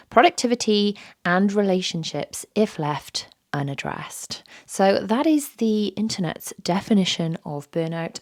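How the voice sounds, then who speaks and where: A British woman hosting her own podcast, talking casually with a hoarse, scratchy voice from a sore throat, sometimes dropping to a whisper. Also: lowish voice, no room sound, studio quality. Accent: British English. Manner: chatty, breaks into whispers on a failing voice. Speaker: podcast host; mother. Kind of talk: casual solo podcast talk.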